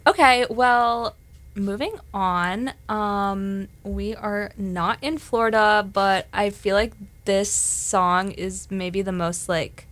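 A woman's voice: medium pitch, steady tone, slow, fairly bright tone. Chatty young woman, bubbly talk. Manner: chatty, bubbly, uses "like" often. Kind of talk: casual chat.

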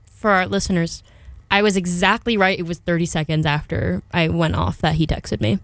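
A woman's voice: on the low side, fairly even intonation, normal speed, dry recording. Wry young woman on a dry studio mic. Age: young adult. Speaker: college radio host. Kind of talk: casual chat. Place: small radio studio.

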